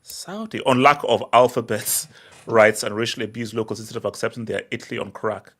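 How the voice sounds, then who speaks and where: A man's voice: mid-range voice, fairly quick, fairly bright tone. A man hosting a casual football chat over a video call, reading viewer comments aloud and teasing the others with lots of laughter.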